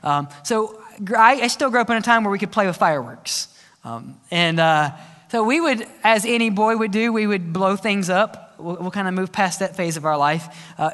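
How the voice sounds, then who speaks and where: A man preaching a sermon as pastor, telling stories in a lively way, with playful sound effects and asides. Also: high voice. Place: church sanctuary. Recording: church hall reverb.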